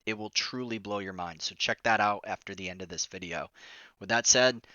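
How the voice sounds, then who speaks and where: Man, commentary vlog host, indignant and excitable, forceful tone, dull lo-fi dry sound. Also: fairly low pitch, fairly quick, dry recording. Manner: excitable, indignant, exclaims often.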